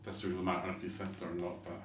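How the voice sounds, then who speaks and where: A man's voice: low-pitched, monotone, fast talker, heavy background noise. A man hosting a home cooking show, talking through a recipe in a rambling, cheeky, self-mocking patter. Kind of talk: chatty cooking demonstration. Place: home kitchen, indoors. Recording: echoey kitchen with clattering dishes.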